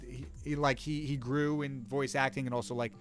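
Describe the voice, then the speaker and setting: A young man draws on a live stream while chatting casually with his live chat, with faint music in the background. His mid-range voice is flat and moderately paced. He rambles, cuts himself off mid-sentence, and addresses viewers by name.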